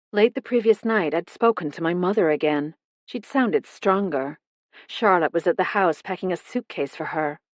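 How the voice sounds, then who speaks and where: Woman reading a mystery audiobook, measured and even, dry close sound, mid pitch. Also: dry recording. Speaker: audiobook narrator. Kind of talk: first-person audiobook narration.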